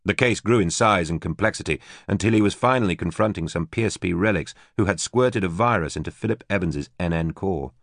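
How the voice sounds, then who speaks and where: An audiobook narrator with a low-pitched voice reads scripted narration in a measured, even storytelling manner. The studio sound is clean, with no echo.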